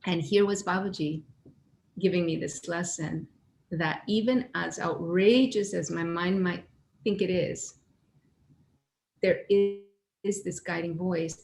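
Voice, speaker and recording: A woman telling a personal spiritual story in an earnest, animated way, acting out her own inner voices. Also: lowish voice, slow, creaky, pauses often, slight background noise. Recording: echoey room with faint ambience.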